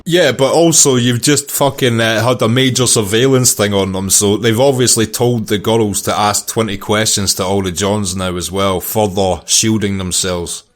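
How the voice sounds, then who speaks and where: A man with an English accent giving blunt, animated commentary while reacting to a TV drama, swearing often. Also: on the low side, moderate pace, few pauses. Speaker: reaction video host.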